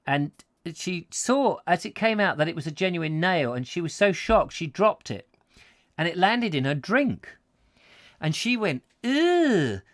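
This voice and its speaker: A man's voice: a little high, a bit bright, dry recording, studio quality. A man hosting a comic live chat show, rambling through jokey stories and singing little snatches. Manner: chatty, jokey storytelling, sings snatches. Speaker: host.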